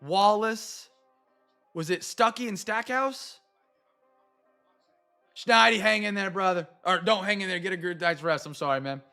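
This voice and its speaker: A young man hosting a live card break, chatting to viewers and going off on excitable, rambling sports rants. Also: high voice, measured pace, vocal fry, pauses often, soft background music.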